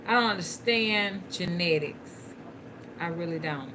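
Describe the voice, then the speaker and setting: A woman's voice: on the low side, a little slow, background noise. A woman, rambling and chatting casually to her viewers during a live stream while she works, with some cussing. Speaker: spiritual reader hosting a live stream.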